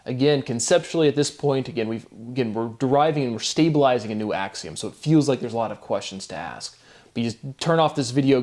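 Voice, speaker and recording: A man talking alone to camera, musing over word derivations, slowly repeating words and chuckling at himself. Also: mid-range voice, a little mellow. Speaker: solo video host.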